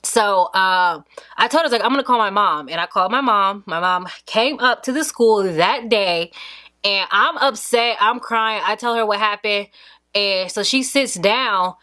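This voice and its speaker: A woman's voice: mid-range voice, moderate pace. A young woman in casual storytime, animatedly acting out what others said. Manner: animated, acts out quotes of others. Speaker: vlogger.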